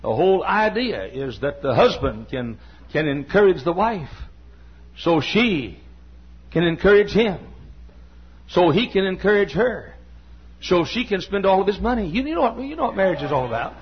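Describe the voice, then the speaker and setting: Older preacher man, husky and high-voiced. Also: big pitch swings, normal speed, lo-fi sound. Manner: impassioned preaching, repetitive, rising to shouts. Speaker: pastor. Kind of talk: sermon.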